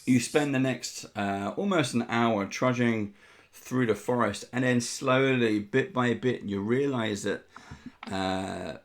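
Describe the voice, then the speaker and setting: A man narrating a tabletop game as game master, descriptive and unhurried with frequent ums. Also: mid-range voice.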